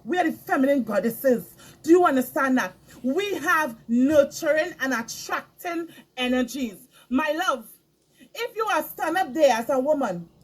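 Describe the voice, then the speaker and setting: Lady lecturing hard, super high voice, scolds and repeats herself over and over. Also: a bit bright. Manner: scolding, emphatic, repeats phrases. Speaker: spiritual speaker. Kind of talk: impassioned moral lecture.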